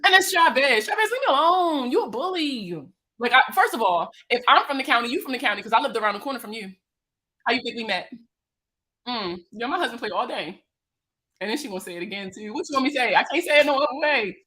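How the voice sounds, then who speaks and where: A Baltimore woman who does credit repair takes audience questions in a casual stream, lively and slangy, trading jokes with viewers. She talks at a quick clip in a fairly high voice, through poor audio.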